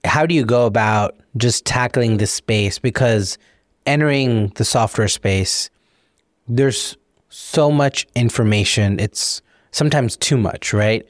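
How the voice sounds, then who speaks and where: A man hosting a podcast, asking plain, measured questions. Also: medium pitch, dry recording, clean studio sound. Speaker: podcast host. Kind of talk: interview questions.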